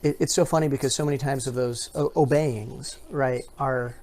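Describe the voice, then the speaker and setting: A man who is a pastor, telling homespun stories with gentle humor in a casual faith chat. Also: mid-range voice, steady tone, normal speed, slight background noise.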